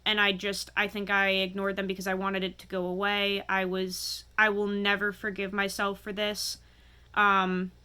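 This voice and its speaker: A woman telling a painful personal story to camera, halting and emotional, often stopping to steady herself. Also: medium pitch, smooth. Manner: halting, emotional, many restarts and pauses. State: fighting back tears. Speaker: vlogger.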